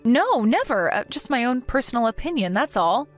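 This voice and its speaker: A woman's voice: a little high, very animated, normal speed, faint music behind, pitched above the performer's own voice. Woman doing a timid young wife, meek and sorry, text story read-out. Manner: meek and apologetic. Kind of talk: text-message story reading.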